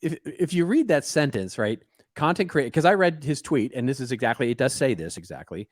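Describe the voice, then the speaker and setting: A man's voice: mid-range voice, big pitch swings, a little fast, no echo, studio quality. A man co-hosting a casual podcast, reading news stories aloud and breaking in with wry asides. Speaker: podcast co-host.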